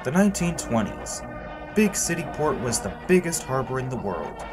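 A man's voice: mid-range voice, very animated, normal speed. Man reading a storybook, music behind. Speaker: narrator. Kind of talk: storybook narration.

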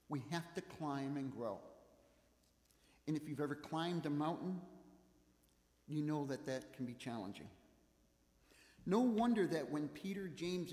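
Older guy preaching, funny stories on himself, slightly high voice, long church echo. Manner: animated self-deprecating storytelling. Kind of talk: sermon with personal anecdotes.

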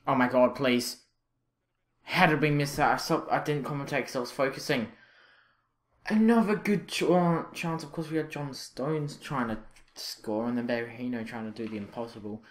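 A young man commentating his own football video game, reacting loudly and with frustration to misses and saves. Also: medium pitch, fairly even intonation, moderate pace. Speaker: gaming channel host. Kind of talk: live gameplay commentary.

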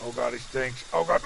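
Chatty man with a gravelly voice. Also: high-pitched, very noisy. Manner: chatty, laughs often, talks to chat and teammates. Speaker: gaming streamer. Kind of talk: casual gameplay commentary.

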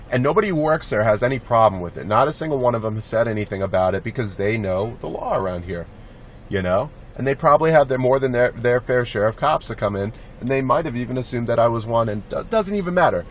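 A man's voice: mid-range voice, a little hiss or hum. A young man talking casually in a rambling, blunt vlog monologue, swearing freely. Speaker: vlogger.

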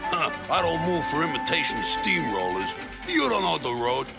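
A man voicing a rude, boastful male steamroller who talks with scorn, over loud music. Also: on the high side, very animated, normal speed, vocal fry, voice pushed up. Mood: scornful. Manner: scornful, sneering.

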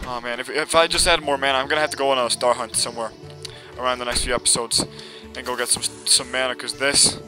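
A young man giving casual, excitable commentary over his own gameplay, laughing often and talking back to enemies on screen, with game music playing behind him. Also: mid-range voice, fast talker. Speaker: gameplay video host. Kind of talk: casual let's-play commentary.

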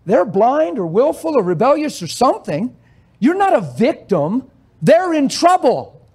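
A man preaching a sermon, telling stories with animated swings between loud exhortation and soft asides, often laughing as he goes. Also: very high voice, normal speed, slightly rough.

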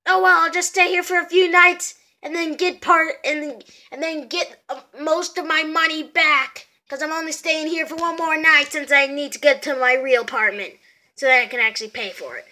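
A woman's voice: high-pitched, fairly even intonation, moderate pace, sharp tone. A woman with a sore throat doing playful, rambling voices in a homemade plush toy skit. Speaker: maker and voice of all the characters.

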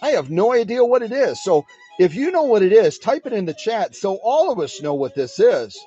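A man from Wisconsin hosting a casual live stream from his home workshop, chatting to his viewers in an animated way. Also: sits high, moderate pace, lo-fi sound, faint music behind. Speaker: live-stream host of a sewing machine restoration channel.

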